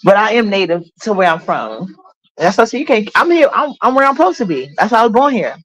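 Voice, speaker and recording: A woman's voice: mid-range voice, very animated, quick pace, a bit bright, poor audio. Blunt, sassy woman chatting on a livestream. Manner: blunt, sassy, talks straight to her chat. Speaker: livestream host. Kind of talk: casual livestream chat.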